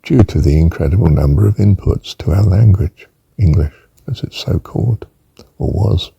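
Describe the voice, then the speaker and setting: A man's voice: low-pitched, normal speed, creaky, mellow, breathy edge, no room sound, highs cut off. An older man giving an informal spelling lesson, rambling and musing aloud, drawing out words as he says them and adding chuckling asides. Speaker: teacher.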